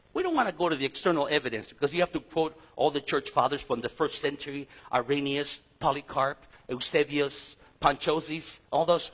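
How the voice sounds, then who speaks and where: Lively husky-voiced man teaching the Bible. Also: fairly high pitch. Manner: animated storytelling, acts out conversations, frequent restarts. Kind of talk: lively sermon-style Bible class.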